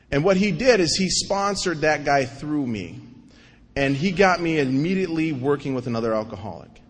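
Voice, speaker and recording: A middle-aged man sharing his recovery story at a meeting, animated and self-mocking, acting out the voices of people in his story. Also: fairly high pitch, fairly quick. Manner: animated storyteller, acts out quotes, self-mocking, repeats himself. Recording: long reverb of a hall.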